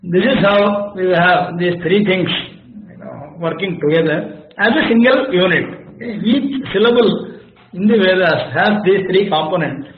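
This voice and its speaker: Indian man, high voice, patient Vedic recitation teacher, roomy dull recording. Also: normal speed, slight background noise. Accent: Indian English. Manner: patient, often checks understanding with "okay?". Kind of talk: explanatory lecture.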